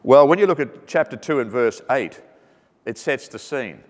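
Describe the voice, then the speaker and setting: A man's voice: medium pitch, animated, moderate pace. Man preaching in a reverberant hall. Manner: earnest, with joking asides. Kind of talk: sermon.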